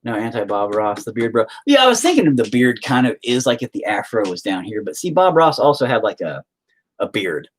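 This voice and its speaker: Husky, profane man chatting while painting. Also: medium pitch, sing-song, fairly quick. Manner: profane, rambling, joking. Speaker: painting streamer. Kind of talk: casual chat while painting.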